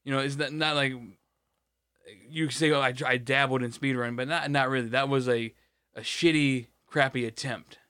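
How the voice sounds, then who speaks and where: A man's voice: mid-range voice, steady tone, normal speed, sharp tone, smooth, dry recording, studio quality. A man co-hosting a podcast in casual chat, rambling and swearing with many restarts. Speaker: podcast co-host.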